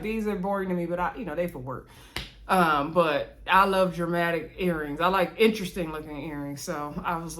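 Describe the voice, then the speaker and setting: This is a woman casually recapping a reality TV episode. She talks in a chatty, gossipy way and throws sassy asides into the story. Her voice rises high for emphasis, then drops low for dry comments. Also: fairly bright tone. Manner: chatty, sassy asides, big pitch swings.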